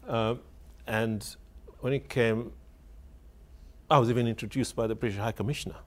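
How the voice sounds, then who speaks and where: Here an author being interviewed on radio reminisces in a mid-range voice, with fairly even intonation at a moderate pace. He pauses over his phrasing, repeating words, and laughs wryly as the story goes on.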